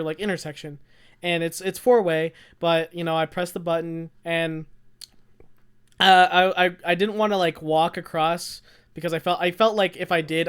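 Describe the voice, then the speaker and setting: A young adult podcast co-host telling a rambling, animated story in casual chat, often laughing. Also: medium pitch, smooth.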